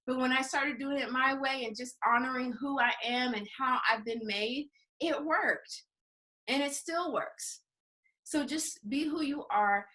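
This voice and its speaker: A middle-aged woman coaching in a high, bright voice. She talks casually and laughs often. She acts out little scenes and calls her listeners honey. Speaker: business coach.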